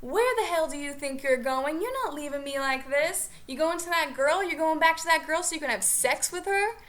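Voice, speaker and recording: A woman voicing a furious young woman yelling at her cheating boyfriend, with shrill angry shouting. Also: animated, moderate pace.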